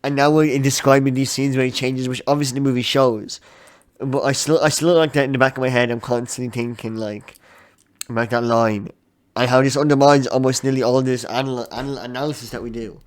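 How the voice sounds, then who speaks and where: A man with an ordinary mid-range voice talks on a podcast mic. He thinks out loud in casual chat and asks a string of questions. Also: medium pitch, fairly even intonation, brisk. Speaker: podcast co-host. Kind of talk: casual film discussion.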